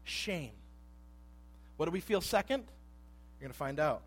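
Animated man preaching a sermon. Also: on the high side, unhurried, husky. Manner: animated, acts out voices in quotes, swings between hushed asides and loud emphasis. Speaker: pastor.

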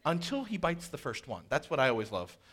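A man preaching a sermon in an animated way, with jokey asides and quoted voices that he acts out. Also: fairly high pitch, a little fast. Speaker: pastor.

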